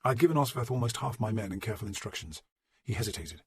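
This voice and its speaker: A man reading a historical novel as a first-person audiobook narration, measured and low-voiced. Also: lively intonation, darkish tone, slight background noise.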